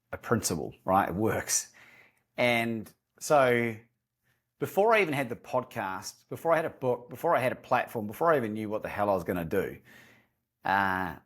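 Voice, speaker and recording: An Australian man, a guest on an interview podcast, telling a story and acting out phone calls. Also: fairly low pitch.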